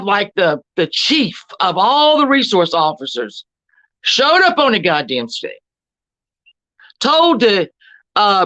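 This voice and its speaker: Casual livestream commentary comes from a woman host whose voice is mid-range and slightly bright. She greets chat viewers between blunt, profanity-laden rants, and the stream audio is dull and lo-fi.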